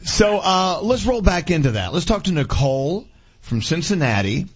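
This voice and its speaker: Middle-aged male morning-show host, husky, chatty storyteller, dull lo-fi sound. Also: high voice, big pitch swings, normal speed. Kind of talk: casual radio talk.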